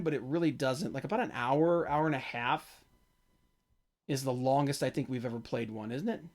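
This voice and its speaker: A man hosting a podcast, talking about tabletop games in a halting, low-key way. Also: expressive. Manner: halting, many fillers and restarts, low-key. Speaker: podcast host.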